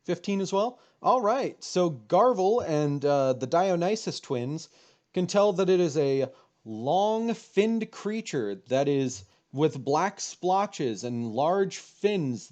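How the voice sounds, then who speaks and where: A man acting as game master on a tabletop game stream, calling for rolls and describing scenes in an easygoing way with pauses and fillers. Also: on the high side, big pitch swings, darkish tone.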